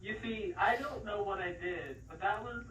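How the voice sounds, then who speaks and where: A man's voice: sits high, moderate pace, sharp tone, echoey room, recorded from a distance, a little hiss or hum, poor audio. A young man co-hosting a comedy podcast, mock-indignant and swearing for comic effect. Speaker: podcast co-host. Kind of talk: casual comedy chat.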